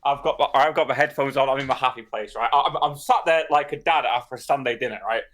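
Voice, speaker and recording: A man's voice: medium pitch, fast talker, a bit bright. A man co-hosting a podcast, telling a story in casual chat, swearing and laughing often. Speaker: podcast co-host.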